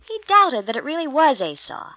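A woman narrating a children's Bible storybook in an expressive, gentle read-aloud manner. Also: high-pitched, moderate pace, dry recording, poor audio.

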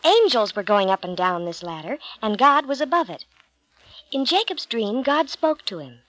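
Expressive woman reading a Bible story. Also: fairly high pitch, moderate pace, dry recording, low-quality recording. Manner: expressive, gentle read-aloud. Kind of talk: storybook narration.

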